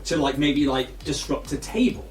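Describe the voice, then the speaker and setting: A man's voice: medium pitch, animated, normal speed, echoey room, distant mic. A man, narrating a tabletop game as game master in a casual, rambling way full of fillers.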